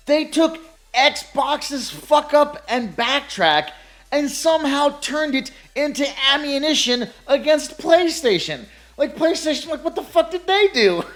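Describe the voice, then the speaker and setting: A gaming commentator ranting in a sarcastic, profane way, laughing often and mocking others in put-on voices. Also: high voice. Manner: mocks opponents with put-on quoted voices.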